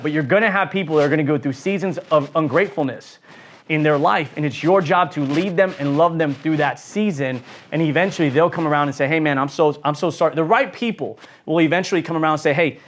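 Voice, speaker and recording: A man giving an earnest motivational talk about his years as an entrepreneur, speaking in repeated lists and full of fillers. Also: fairly high pitch. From United States. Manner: earnest and emphatic, with many fillers and repeated phrases; speaks in lists and emphatic repetition. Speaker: entrepreneur sharing lessons.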